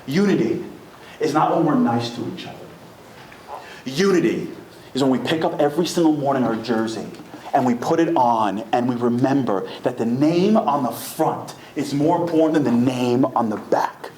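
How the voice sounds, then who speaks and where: A man's voice: animated, moderate pace, darkish tone, slight background noise. A man tells a story to a live audience in a reverberant synagogue hall, and the room echoes back around him. His voice sits in a middle register and climbs sharply when he presses a point. A faint murmur of the room stays underneath. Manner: dramatic storyteller who climbs to high, emphatic peaks. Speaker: motivational speaker.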